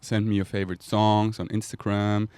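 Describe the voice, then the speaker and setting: On the low side and dark, this voice has a flat delivery at normal speed in a dry recording. A German-accented podcast host drifts dreamily through casual spiritual talk, laughing often and making breathy whooshes.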